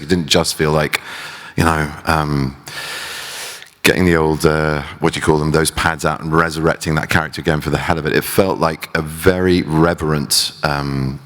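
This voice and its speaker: A man's voice: a bass voice, little pitch movement, fairly quick, fairly bright tone. A man interviewed on stage at a festival, talking in a hesitant, self-deprecating way with many restarts. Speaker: guest actor. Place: large theatre stage. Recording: long hall reverb.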